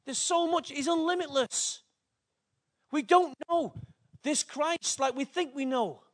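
A man preaching a sermon to his church, fervent and emotional, with big swings in loudness. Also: extremely high pitch, measured pace. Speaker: pastor.

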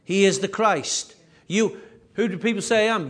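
A man preaching a sermon with emphatic, repetitive phrasing, his voice rising and falling in loudness. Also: high voice, normal speed. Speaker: pastor.

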